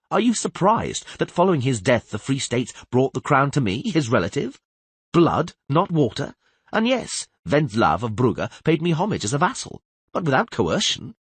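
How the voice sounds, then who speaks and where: A proud king who bristles and protests with hot indignation. A man acts him out, pushing his voice higher and louder than his own, with a husky edge. The recording is dry. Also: no echo. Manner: indignant, forceful. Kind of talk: audiobook character voice.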